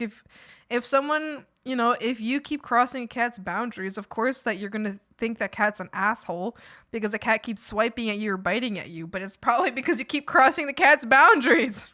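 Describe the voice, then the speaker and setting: A woman streaming live, talking to her chat in a loose, rambling way full of fillers and laughter. Her voice is bright and sits a little high. She jumps between thoughts and often breaks into quick laughs. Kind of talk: casual chat with viewers.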